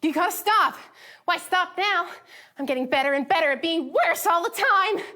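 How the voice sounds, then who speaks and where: A woman doing a high, shaky cartoon villain girl, bitter and self-hating, voice cracking. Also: lively intonation, moderate pace, slightly rough. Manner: pleading, cracking, shifting pitch. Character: bitter self-loathing female gem villain.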